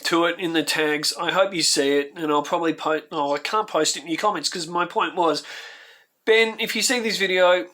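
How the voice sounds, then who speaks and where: An Australian YouTube host speaks in a slightly high, bright, forceful voice at a moderate pace. On his own channel he gives heartfelt, rambling reaction commentary that keeps circling back and repeating itself, growing emotional as he goes.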